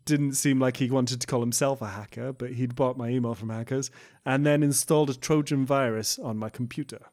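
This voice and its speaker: Man, podcast co-host, casual chat, dry deadpan asides. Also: medium pitch, brisk.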